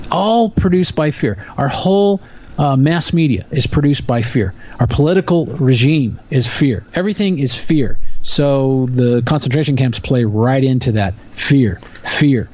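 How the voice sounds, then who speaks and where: Indignant, animated man on a podcast. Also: medium pitch, husky. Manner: animated and indignant, mocking voices in quotes. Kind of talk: casual conversational rant.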